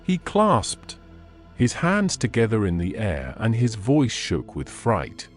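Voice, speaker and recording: A man's voice: on the low side, wildly swooping pitch, slow, faint music behind. A man reading classic fiction aloud as an audiobook narrator, telling the story expressively.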